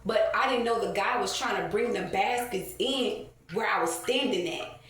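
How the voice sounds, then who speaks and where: A woman's voice: medium pitch, normal speed, fairly bright tone. A woman, telling a heated, profane story to camera with many fillers. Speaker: vlogger. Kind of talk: casual rant to camera. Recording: very echoey, distant, faint ambient noise.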